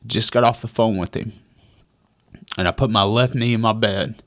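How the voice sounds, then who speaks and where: A man's voice: lowish voice, fairly even intonation, moderate pace, a bit bright. A man, maybe in his thirties, telling a personal story in casual conversation. He swears and repeats himself for emphasis. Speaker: guest.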